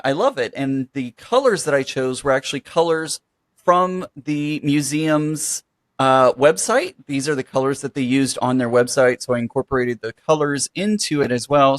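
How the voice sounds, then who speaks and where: A man co-hosting a quilting podcast, talking in an upbeat, animated way and plugging the show. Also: mid-range voice, normal speed, no echo. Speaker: podcast co-host. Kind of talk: casual chat.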